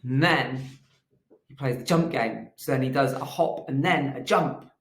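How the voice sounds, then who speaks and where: A man teaching a phonics lesson to young children, telling a gentle, animated story. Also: mid-range voice, a little slow, heavy background noise. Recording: echoey room.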